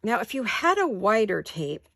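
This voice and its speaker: A woman's voice: mid-range voice, sing-song, normal speed, fairly bright tone. A middle-aged woman hosting a craft tutorial from her home studio, chatting and muttering asides to herself while she works, with the hiccups. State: has the hiccups. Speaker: craft video host.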